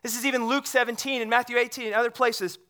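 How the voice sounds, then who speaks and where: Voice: medium pitch, flat delivery, fast, pushed and bright. A pastor preaching a sermon in a conversational way, often checking in with the congregation through rhetorical questions and animatedly retelling scripture scenes.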